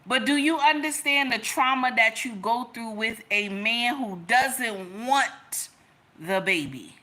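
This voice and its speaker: A woman shares her own story as relationship advice to her listeners. She talks emphatically, repeating key lines and calling them y'all. Her voice is bright and forceful, set a little high. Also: takes it slowly. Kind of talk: personal storytelling to an audience.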